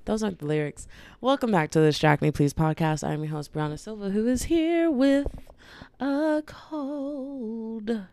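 A woman's voice: a little high, a little slow, darkish tone. A woman hosting her own podcast, chatting in a playful, rambling way while congested from a cold. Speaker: podcast host. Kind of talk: casual solo podcast chat.

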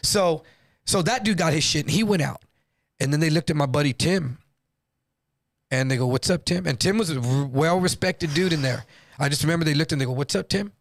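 A man from Texas, a guest comedian, telling a story in an animated, profane, slang-heavy way. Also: fairly high pitch, brisk, pauses often, no echo. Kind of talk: casual storytelling.

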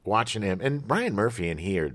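A man's voice: lowish voice, fairly quick. A man co-hosting a podcast, chatting casually and cracking jokes about movies and TV. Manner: joking, animated pop-culture banter. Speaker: podcast co-host. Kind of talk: casual chat.

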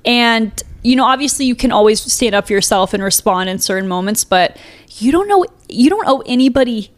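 A woman's voice: fairly high pitch, lively intonation, fairly quick. A young adult woman co-hosting a podcast, chatting casually and telling stories with lots of fillers. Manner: chatty, storytelling with many fillers. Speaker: podcast co-host. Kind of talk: casual chat.

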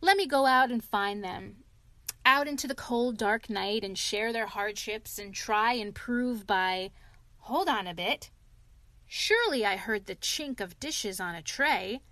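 A woman voicing an excitable, self-pitying male toad in a read-aloud story, with loud, theatrical exclamations. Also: mid-range voice, unhurried, dry recording, heavily acted. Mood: remorseful.

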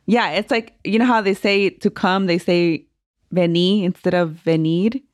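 A woman's voice: mid-range voice, normal speed, no echo, studio quality. A young woman co-hosting a podcast in casual chat, blunt and outspoken, swearing freely. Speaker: podcast co-host.

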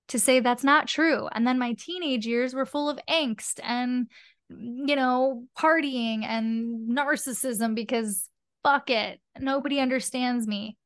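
Fairly high-voiced woman chatting on a podcast, expressive, swears casually. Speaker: podcast guest, spiritual mentor. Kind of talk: casual conversational interview.

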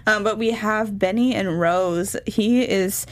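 A woman's voice: medium pitch, takes it slowly. A woman co-hosting a casual chat, summarizing episodes in an upbeat, chatty way. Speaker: podcast co-host.

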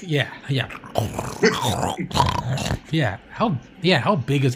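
A man's voice: medium pitch, animated, drawn-out words, pauses often, background noise. A young man hosting a podcast in casual chat, rambling and swearing, laughing often. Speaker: podcast host.

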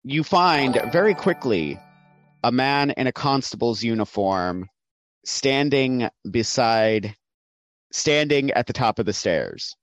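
A man's voice: mid-range voice, expressive, slow pace, no room sound, faint music behind. A man running a tabletop game as game master, patiently explaining the rules and narrating the scene.

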